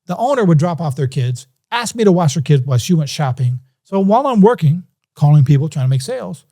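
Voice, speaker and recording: A man speaks fast in a voice on the high side, telling a casual story as a podcast guest. He's animated and acts out the voices of the people in the story.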